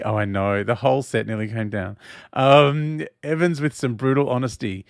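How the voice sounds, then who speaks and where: A man's voice: medium pitch, expressive, a little slow, creaky, pauses often, dry recording, studio quality. A man hosting a casual watch-along, reading chat aloud and commenting, with a giggly, camp manner and frequent laughter. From Australia. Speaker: host of a watch-along stream.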